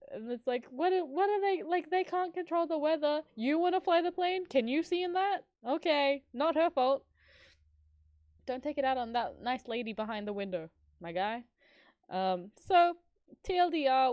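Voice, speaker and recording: Young woman, casual storytelling, swears a lot, smooth voice, dry close sound. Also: no room sound. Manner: animated, swears a lot, acts out quotes in higher voices. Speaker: streamer.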